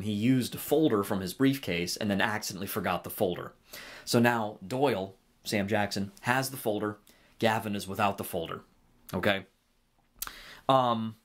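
Guy with a lowish voice doing a chatty movie review, animated, lots of restarts. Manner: animated retelling with a halting, self-correcting flow. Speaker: film reviewer and faith commentator. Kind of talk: casual spoken film review.

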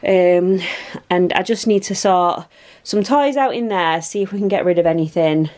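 A woman's voice: lowish voice, moderate pace, darkish tone. A woman, chatting casually as she vlogs from her child's bedroom at home, rambling with lots of fillers. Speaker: vlogger and mum. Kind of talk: casual home vlog chat.

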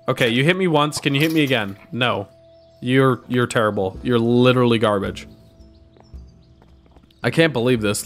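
A man's voice: mid-range voice, fairly bright tone. A young man streaming a video game, chatting casually and goofing around as he plays, with music playing behind him. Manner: goofy, playful, talks to the game and chat. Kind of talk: casual gameplay commentary.

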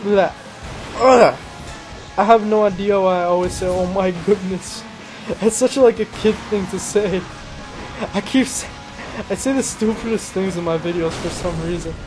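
A man's voice: high voice, moderate pace, poor audio. A young man rambling casually while commentating his racing game playthrough, joking about himself and exclaiming at the action. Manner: rambling, self-mocking, easily excited exclamations. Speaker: gameplay commentator. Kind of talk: casual let's-play commentary. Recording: game music and engine noise behind. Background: racing game music and car sounds.

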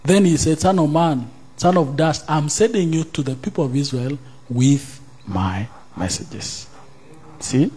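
A male pastor with a husky, somewhat high voice preaches to his congregation. He reads scripture aloud, slows down to stretch out key phrases and suddenly surges in volume. He asks the listeners questions as he goes. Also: expressive. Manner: preaching with sudden loud rises and drawn-out emphasized quotes. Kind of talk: sermon. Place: church service.

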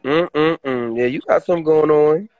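A man's voice: fairly high pitch, a little slow, dry recording. Teasing man on a muffled call. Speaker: caller on a live stream.

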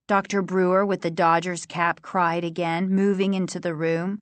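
A woman reading a spooky children's story aloud, in slow, expressive narration. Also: lowish voice, dry recording. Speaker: audiobook reader.

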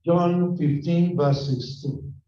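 A man preaching a sermon to a congregation in a church hall, impassioned and often shouting as he calls on the listeners. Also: a little high, fairly even intonation, slow pace. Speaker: pastor. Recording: echoey hall, distant mic, muffled sound.

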